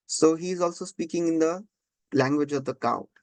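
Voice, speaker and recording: A man's voice: fairly high pitch, moderate pace, darkish tone, no echo. A man teaching a scripture class, retelling a story and acting out the voices.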